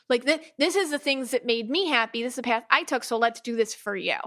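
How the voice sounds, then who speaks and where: This podcast host keeps the talk loose and chatty, her bright voice pitched slightly high. She often restarts sentences and slips into animated impressions, quoting what others have said.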